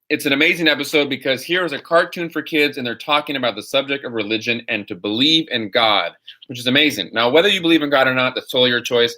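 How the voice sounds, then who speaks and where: Animated bright-voiced man ranting on a live stream. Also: mid-range voice. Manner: rambling, opinionated and animated. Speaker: host. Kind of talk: live-stream chat answering viewer questions.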